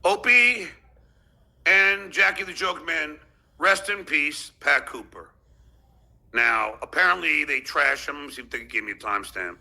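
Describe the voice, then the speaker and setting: A man hosting a podcast, commenting live on a clip. His voice sits high and bright and swings widely in pitch. He talks in a sarcastic, needling way and keeps cutting in. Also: expressive, measured pace, creaky. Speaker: podcast host reacting to a clip.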